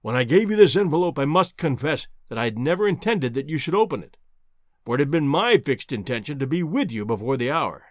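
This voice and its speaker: A booming, insolent professor who speaks with pompous self-assurance, as a male narrator plays him. The voice is loud and lively in pitch. The sound is close and dry. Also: brisk, dry recording.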